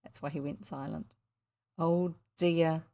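A woman's voice: sits low, fairly even intonation, slow pace, mellow. A woman reading a children's book aloud, stopping for chatty asides between chapters. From New Zealand. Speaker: reader.

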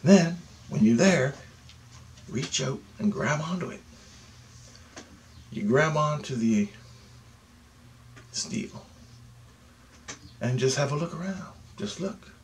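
A man's voice: on the high side, slow, pauses often, a little hiss or hum. A man leading a guided meditation who talks in a profane, insistent way and keeps asking "okay?". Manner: grows louder and more animated as he goes. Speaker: meditation teacher.

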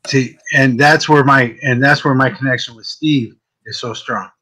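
A man with a fairly deep voice and a bright, forceful tone, hosting a casual chat. He tells stories in an animated way, restarting and repeating words as he goes. His pitch sits in an ordinary middle range. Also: normal speed, low-quality recording. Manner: animated storytelling, often repeats words at the start of a thought. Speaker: host, psychic medium.

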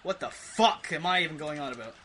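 A young man giving rambling, excitable commentary over a video game, swearing and yelping as he plays. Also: on the high side, brisk. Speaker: gaming video host. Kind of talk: rambling let's play commentary.

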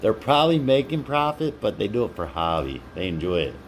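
A man's voice: lowish voice, big pitch swings, a little fast, slight background noise. A man hosting a casual live stream, chatting with viewers by name and laughing often while he reads their comments. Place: home.

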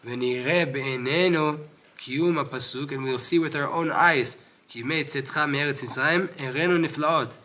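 A man giving a Torah lesson who reads Hebrew passages quickly and explains them in English with frequent restarts. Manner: grows loud and high when animated, drops low when lecturing. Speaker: Torah teacher.

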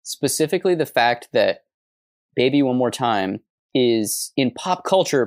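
A podcast co-host who reads scripted narration in a steady manner and chats between the reading. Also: medium pitch, unhurried.

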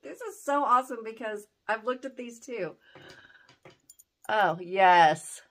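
Gushing woman, very animated pitch. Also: slow. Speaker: vlogger opening fan mail. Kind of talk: excited unboxing chat.

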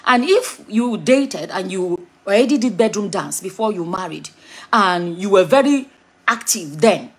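A woman's voice: medium pitch, slightly rough. A middle-aged Nigerian woman with a Nigerian accent, chatting frankly to camera on her vlog, wandering off topic and back. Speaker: vlogger. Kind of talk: casual commentary to camera.

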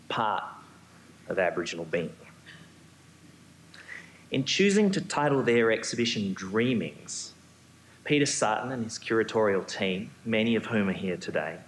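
A man, a museum curator, giving a prepared symposium talk on stage, measured with occasional ums and restarts. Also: fairly low pitch. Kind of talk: prepared lecture. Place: auditorium stage. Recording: echoey hall, faint hum.

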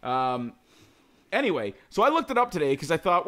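A man in his forties hosts a podcast and tells a story from his childhood, with a lively voice that rises and falls a lot and sits a bit high. He laughs often and swears freely. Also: normal speed. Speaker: podcast host. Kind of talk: casual storytelling chat.

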